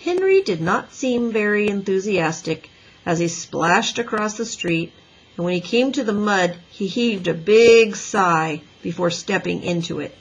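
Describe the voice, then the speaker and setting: A woman teacher reading a children's book aloud with an expressive, lively voice. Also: mid-range voice, a little slow, slightly rough, poor audio. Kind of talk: storybook read-aloud.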